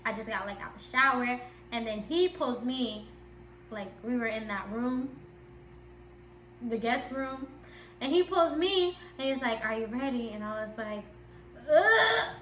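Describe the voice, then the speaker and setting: A woman's voice: on the high side, animated, unhurried, a bit bright, a little hiss or hum. A young woman vlogger telling a candid personal story in a chatty, giggly way. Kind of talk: casual storytime chat. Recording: echoey room.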